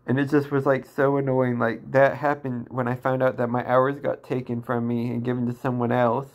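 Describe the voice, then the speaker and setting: Brief: distressed young man, twenties, creaky low-key voice, halting confessional vlog delivery. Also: level tone. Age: 20s. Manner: halting, full of restarts and fillers, downcast. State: emotionally distressed. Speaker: vlogger. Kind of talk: personal venting monologue.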